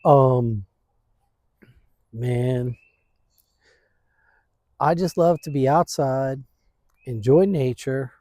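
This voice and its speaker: A man vlogging casually outdoors in his backyard, talking slowly into a phone on a stand, rambling and laid-back, saying "man" and "dude" a lot. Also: medium pitch, mellow, no room sound, clean studio sound. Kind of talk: casual vlog chat.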